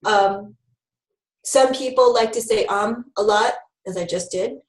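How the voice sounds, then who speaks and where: A woman health educator giving a lively, fast-talking training talk on public speaking, with frequent fillers. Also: medium pitch. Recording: roomy, mic at a distance.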